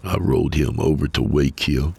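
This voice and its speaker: A man narrating a first-person horror story in a calm, measured way. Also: very deep voice, gravelly, breathy edge. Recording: soft music under voice.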